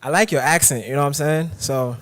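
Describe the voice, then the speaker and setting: Young man from Ghana, upbeat game host, slightly high voice, long hall reverb. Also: fairly quick. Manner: energetic, joking, chatty. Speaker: session host. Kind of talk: hyped conference game host. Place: conference hall.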